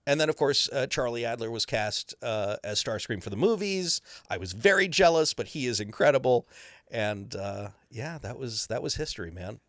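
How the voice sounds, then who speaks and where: A man's voice: mid-range voice, lively intonation, normal speed, fairly bright tone, no echo, studio quality. A man who is a voice actor, telling stories animatedly in a podcast interview and slipping into character voices. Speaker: voice actor guest.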